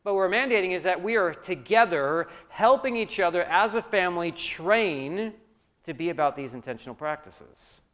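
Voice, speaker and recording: A man preaching a sermon as a pastor, animated, swinging between loud emphasis and quiet asides. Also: high voice, normal speed.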